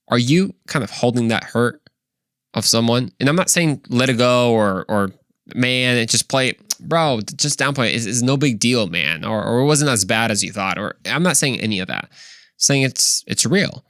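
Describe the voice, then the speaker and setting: A man hosts a faith podcast, speaking earnestly and casually straight to the listener in a monologue, frequently dropping "man" and "bro." His mid-range voice is a bit bright, recorded cleanly in a studio with no echo.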